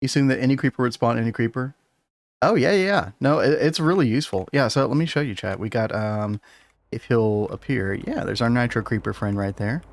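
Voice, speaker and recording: A man's voice: medium pitch, fairly quick. Chatty man streaming a game. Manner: chatty, laughs often, talks to chat. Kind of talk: casual gaming livestream chat.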